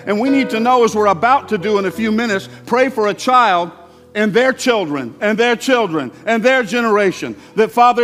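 A male pastor with a high voice preaches in a church sanctuary, his words ringing with long hall reverb. He shifts between forceful emphasis and hushed, intimate asides. Faint instrumental music sits low behind him. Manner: conversational preaching, swings from loud emphasis to soft asides. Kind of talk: sermon.

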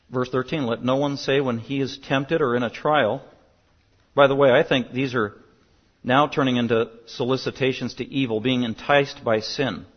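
Emphatic preacher man, lo-fi sound. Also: mid-range voice. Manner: emphatic, rising to loud bursts on key points. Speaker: pastor. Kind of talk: sermon. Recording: dull lo-fi sound.

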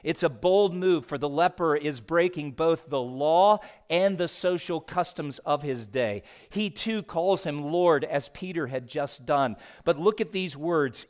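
A male pastor delivers a sermon in a somewhat high voice. He shifts between quiet, low passages and raised, emphatic ones. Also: normal speed. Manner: expressive preaching, swinging from hushed to raised.

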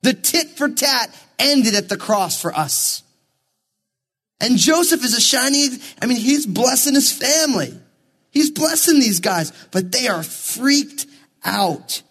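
High-voiced pastor preaching in a reverberant hall. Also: male voice, animated, measured pace, fairly bright tone. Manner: preaching with Bible readings, voicing characters in asides. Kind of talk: sermon.

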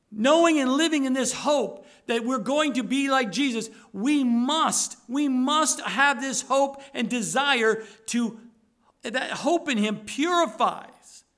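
A man preaching a sermon with fervent urgency, repeating phrases for emphasis and sometimes dropping to a low, soft delivery. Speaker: pastor.

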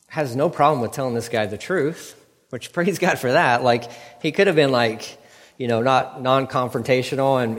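A man preaching a sermon in an animated way, acting out the biblical figures with quick quips. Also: medium pitch. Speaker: pastor. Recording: long hall reverb.

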